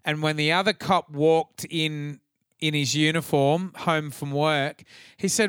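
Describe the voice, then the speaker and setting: A man's voice: a little high, measured pace, smooth, no room sound, studio quality. Swearing Australian man telling stories. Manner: profane, animated storytelling. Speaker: podcast host. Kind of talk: casual chat.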